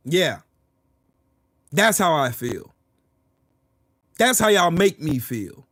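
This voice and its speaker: This man hosting a livestream has a voice on the high side with big pitch swings and a slightly bright tone, and he takes it slowly. He delivers a heated, profane, repetitive political rant while answering chat comments. The recording is clean studio sound with no room sound.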